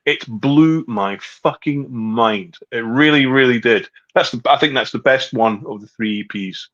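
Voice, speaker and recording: A man's voice: medium pitch, measured pace, lo-fi sound. A middle-aged man with a Scottish accent, a podcast guest chatting casually and swearing freely as he tells stories. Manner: swears freely, animated storyteller. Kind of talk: casual chat.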